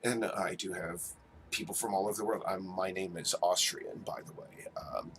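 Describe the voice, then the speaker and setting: A man hosts a loose live chat, talking in a rambling way, full of restarts and stammers. His voice is fairly low but bright and forward. A faint hum of room ambience sits behind him. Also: fairly even intonation, normal speed, vocal fry. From New Jersey. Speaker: livestream host.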